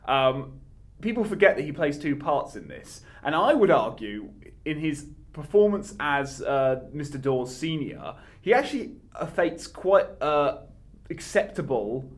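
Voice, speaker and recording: Animated man discussing a film. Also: on the high side, unhurried. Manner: animated, argumentative, frequent restarts. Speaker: podcast co-host.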